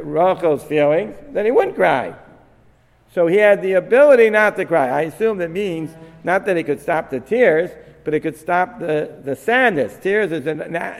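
A man leads a religious study lesson, reasoning aloud and posing questions to himself with frequent restarts. His voice sits slightly high for a man. A long hall reverb trails behind every phrase. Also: darkish tone. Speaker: Torah teacher. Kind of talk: Talmudic-style study lesson.

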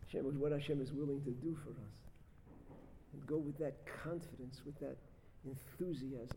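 A man preaching as a rabbi, telling a story with dramatic swings between loud bursts and soft, quiet reflection. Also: mid-range voice, steady tone, normal speed, vocal fry, a little hiss or hum. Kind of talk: sermon storytelling. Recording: long hall reverb.

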